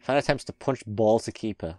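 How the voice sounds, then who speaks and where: A man's voice: on the low side, animated, a little fast, music in the background. A man hosting a reaction video, commenting casually on clips, laughing often and swearing freely.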